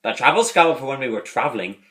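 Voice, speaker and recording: A man's voice: medium pitch, expressive, quick pace, fairly bright tone, close to an everyday voice. A man voicing a dim, cheerful young male priest who speaks in a simple, earnest way. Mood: dopey.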